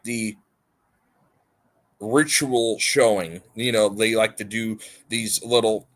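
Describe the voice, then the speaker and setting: A man's voice: lowish voice, fairly bright tone. A man hosting a livestream in rambling, casual chat, repeating his points emphatically. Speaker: livestream host.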